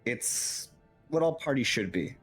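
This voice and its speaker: A man's voice: medium pitch, animated, measured pace, husky, soft background music. Laid-back young man running a tabletop game. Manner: laughing, loose and profane narration. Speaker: game master.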